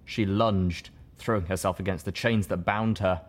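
A man with a fairly low voice narrates an audiobook in the first person. His reading is steady and measured, keeping an even pace.

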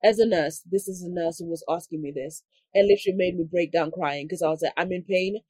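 Woman, casual storyteller, husky voice, dry close sound, acts out the dialogue. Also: lowish voice, quick pace, dry recording. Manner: animated, acts out quoted dialogue; frequent "like" fillers. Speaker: podcast guest telling a story.

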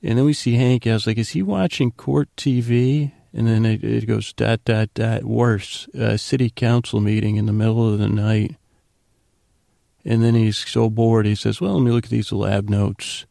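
A man with a low, heavily gravelly voice rambles through a casual comedy recap. His tone is dark and mellow, and the sound is dry and close. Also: level tone, no echo. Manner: rambling, retells scenes with quick quoted lines. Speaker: podcast host recapping a TV episode.

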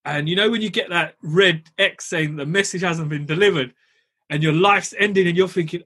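A man co-hosting a property podcast, with a husky, slightly raised voice. He tells the story in a chatty, slangy way and leans on "you know" as he goes. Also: a little high, brisk, a bit bright. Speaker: property podcast co-host and landlord. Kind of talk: casual storytelling.

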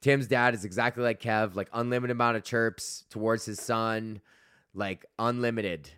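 A man's voice: fairly low pitch, steady tone, moderate pace, fairly bright tone, smooth, dry recording, clean studio sound. A young man hosting a podcast, telling a rambling, profane story full of fillers and laughing at himself. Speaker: podcast host. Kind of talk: casual storytelling rant.

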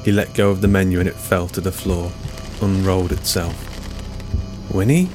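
A man tells his own scripted story in a very deep, low voice. His delivery is dry and deadpan, and the wit is understated. Music plays clearly behind him throughout. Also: brisk. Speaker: author and narrator. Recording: narration over music.

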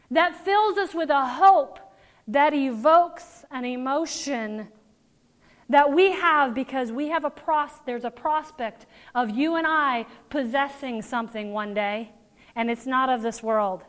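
A woman's voice: high-pitched, a bit bright. A woman preaching a sermon with passion, leading the congregation in call-and-response and closing in prayer. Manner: impassioned, repetitive call-and-response.

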